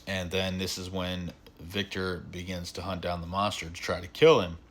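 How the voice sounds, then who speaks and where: A man's voice: low voice, level tone, moderate pace, a bit bright. A man giving a casual spoken film review, retelling the plot in a rambling way full of fillers.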